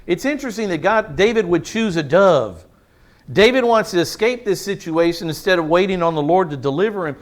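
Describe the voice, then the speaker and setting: Male pastor, high voice, emphatic sermon delivery, quizzes the congregation. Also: lively intonation, fairly quick. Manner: emphatic, repeats words for stress, asks the congregation questions.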